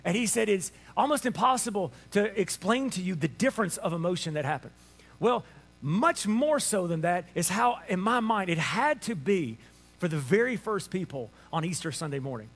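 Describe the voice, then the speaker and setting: A man preaching an Easter sermon as pastor, animated in his storytelling and acting out the voices of people in his stories. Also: high voice, normal speed, faint music behind. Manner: animated storytelling, acts out dialogue.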